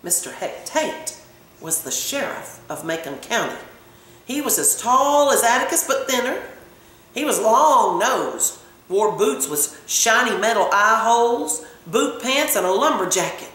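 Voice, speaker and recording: A woman reading a novel aloud with expressive storytelling. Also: a little high, a little slow. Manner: expressive storytelling, hushing for tense moments. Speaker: audiobook reader. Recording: very echoey room.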